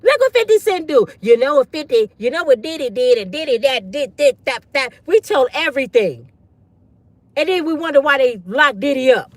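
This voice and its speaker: A woman's voice: high-pitched, expressive, normal speed, no room sound. A woman ranting bluntly and profanely in a casual livestream on her phone. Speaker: online commentator.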